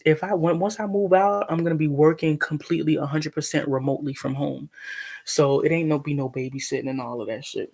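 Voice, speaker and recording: Gravelly-voiced mom ranting on a live vlog. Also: female voice, low voice, steady tone, a little fast, dark tone. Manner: rambling, indignant, lots of restarts; eating while talking. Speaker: live-stream vlogger. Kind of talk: casual storytelling. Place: at home.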